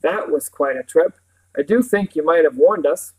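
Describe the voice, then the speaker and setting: A man reading aloud voices a small, precocious boy in a raised, brisk and bossy tone. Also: on the high side, lively intonation, darkish tone, slightly rough, rough recording. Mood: indignant.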